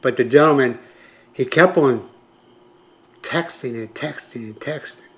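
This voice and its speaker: A man's voice: medium pitch, measured pace, fairly bright tone. An older man from the United States, telling a long story to his vlog audience in a rambling, conversational way with many asides. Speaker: vlogger. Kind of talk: casual storytelling to camera.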